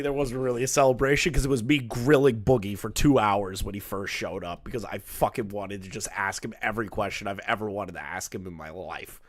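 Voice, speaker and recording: A man's voice: medium pitch, a bit bright. A man commenting casually on a clip and telling stories, loose and profane, laughing often. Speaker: commentary streamer.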